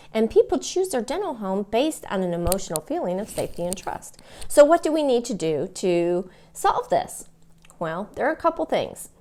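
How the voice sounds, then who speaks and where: Animated woman coaching front desk staff. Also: medium pitch. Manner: animated and expressive, acting out phone greetings. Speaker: dental front office trainer. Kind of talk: instructional training talk.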